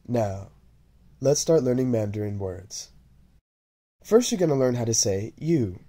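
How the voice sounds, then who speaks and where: Man, language teacher, very slow pace, mellow dark tone, repeated syllable drills. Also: medium pitch, sing-song, husky. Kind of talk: slow, deliberate lesson narration.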